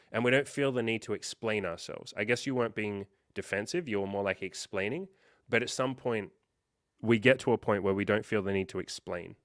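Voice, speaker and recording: A man hosting a livestream as a life coach, chatting casually and reading out viewer comments, with lots of fillers and quick quoted reactions. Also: on the low side, no room sound, clean studio sound.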